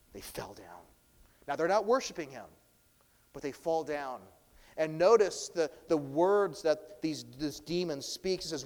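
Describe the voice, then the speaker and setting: A pastor delivering a sermon, preaching with swelling, dramatic emphasis. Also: male voice, a little high, big-room sound.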